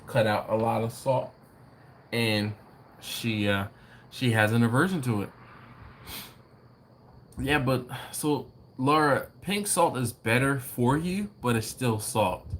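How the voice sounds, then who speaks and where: A man hosting a live barbecue stream, chatting casually with viewers and acting out people in a story in a high mimicking voice. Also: a bit bright, slight background noise. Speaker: host of a live BBQ show.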